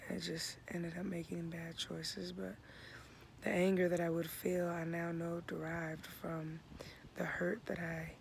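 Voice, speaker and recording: A man in his thirties talking in a laid-back, reflective vlog into a phone outdoors at home, often dropping into soft half-whispers. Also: a little high, little pitch movement, measured pace, gravelly. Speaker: vlogger. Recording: noisy outdoor recording.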